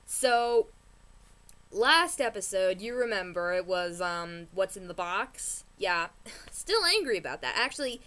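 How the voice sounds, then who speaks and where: A woman vlogger talks through a TV episode in a loose, chatty rant. She keeps jumping back to restart her sentences and is quick to get worked up. Her voice sits at an ordinary middle pitch. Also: expressive, a bit bright. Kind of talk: casual TV recap rant.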